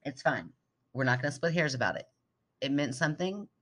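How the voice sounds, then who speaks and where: A woman's voice: low voice, expressive, brisk, a bit bright. A woman co-hosting a podcast, reading a listener's email aloud with self-deprecating asides and frequent laughter. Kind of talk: casual chat, reading listener mail aloud.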